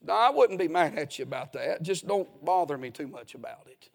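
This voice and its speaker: A man's voice: fairly high pitch, expressive, a little fast, creaky. A man preaching a folksy, emphatic sermon as a pastor in a church.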